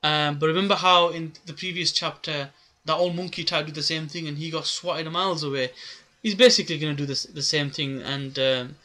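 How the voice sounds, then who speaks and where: A man's voice: fairly high pitch, fairly even intonation, brisk, sharp tone. A man giving a casual, rambling recap of a comic chapter, with many filler words. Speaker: manga reviewer.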